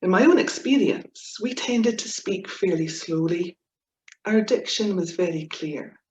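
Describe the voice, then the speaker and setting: A woman's voice: fairly low pitch, expressive, measured pace, darkish tone, reverberant, slight background noise, poor audio. A Scottish woman from Inverness, a writer giving a chatty, playful webinar talk with Scots words dropped in. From Scotland, Inverness. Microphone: video call.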